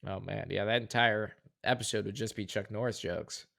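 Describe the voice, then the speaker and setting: A man's voice: on the low side, fairly even intonation, moderate pace, creaky, fairly bright tone. A man co-hosting a podcast, running a movie quote quiz in a playful, teasing way. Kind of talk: casual podcast chat.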